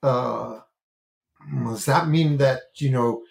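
A man who educates people on parenting and self-regulation explains self-regulation on a talk show. His mid-range voice is creaky and slow, and the room sounds echoey. He is earnest and thinks aloud with lots of fillers and restarts, gesturing with his hands as he talks.

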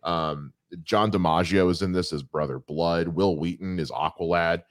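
A man's voice: sits low, normal speed, no echo. A young adult man co-hosting a podcast, chatting casually with a wry, rambling manner and many restarts. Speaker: podcast co-host. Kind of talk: casual chat.

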